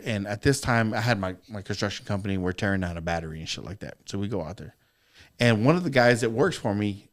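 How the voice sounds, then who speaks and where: Animated, swearing man telling stories. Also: fairly low pitch. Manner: animated, heavy swearing, repeats words. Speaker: podcast guest. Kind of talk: casual chat, storytelling.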